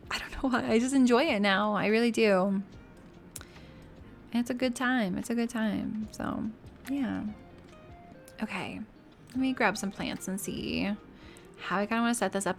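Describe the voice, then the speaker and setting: A woman's voice: mid-range voice, creaky, fairly bright tone. A woman game streamer chatting casually and giggling with her viewers while she builds in a game.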